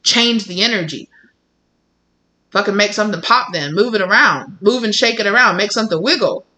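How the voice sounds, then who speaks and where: With a sharp tone in a mid-range voice at normal speed, a tarot reader does a reading aimed directly at viewers, emphatic and blunt, casually swearing, repeating lines and playing out what others say.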